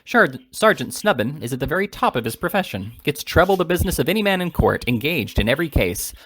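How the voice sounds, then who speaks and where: A man's voice: a little high, very animated, fast talker, a bit bright, no echo, voice pushed up. A man reading aloud and voicing a fussy little male lawyer who talks in a bustling, chatty and knowing way.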